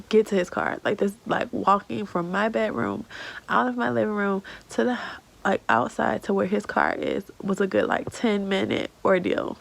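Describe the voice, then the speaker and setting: A woman's voice: fairly low pitch, a little slow, vocal fry, low-quality recording. A woman in her thirties telling a personal story in a casual vlog, tearful and rambling with many fillers. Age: 30s. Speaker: vlogger.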